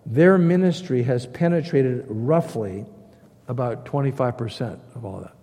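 A pastor preaching a sermon, emphatic, repeating key phrases and swinging between loud stresses and quiet asides. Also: male voice, medium pitch, unhurried. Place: church sanctuary. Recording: long hall reverb.

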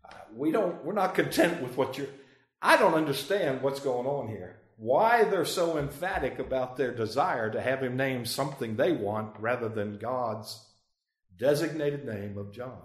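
A man teaching a Bible class in an echoey room, at a middle pitch. He leans hard on key phrases, slows right down to drive them home, and chuckles as he quizzes his listeners. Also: lively intonation. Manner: chuckles often, asks the group questions. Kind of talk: interactive Bible study teaching.

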